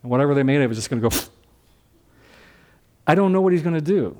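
A man's voice: fairly high pitch, animated, fast, dark tone. An older man preaching a sermon as a pastor, teaching from scripture in a conversational way and asking the congregation questions.

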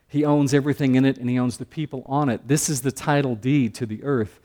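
A man preaching a Bible lesson in a mid-range voice, neither high nor low. He works up to loud, fervent emphasis, then drops into quiet, chatty asides aimed at his listeners. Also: fairly even intonation, brisk. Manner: conversational with joking asides to the audience. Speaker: Bible teacher. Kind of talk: sermon-style Bible teaching.

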